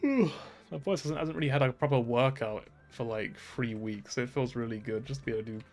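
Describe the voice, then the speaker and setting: A man's voice: mid-range voice, fairly quick, a little mellow, faint music behind. Chatty laughing male game streamer. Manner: chatty, laughs often, swears casually. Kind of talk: casual gameplay commentary.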